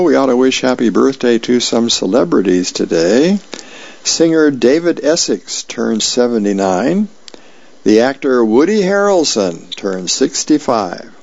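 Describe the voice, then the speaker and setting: A man reading newspaper comics aloud as a volunteer reader, in a plain, unhurried way with small slips. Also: mid-range voice, gravelly, darkish tone. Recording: dull lo-fi radio recording.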